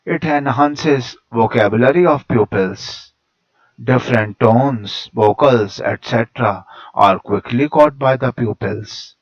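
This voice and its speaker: This man reads a teaching lesson aloud at a steady, measured pace. His voice sits at a middle pitch for a man. The recording is dull and lo-fi. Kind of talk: read-aloud lecture narration.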